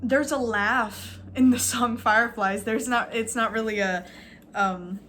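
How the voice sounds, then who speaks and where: A woman's voice: fairly high pitch, fairly even intonation, unhurried, a bit bright, a little hiss or hum. A woman vlogging a casual, rambling rant, sarcastic and full of fillers, swearing now and then.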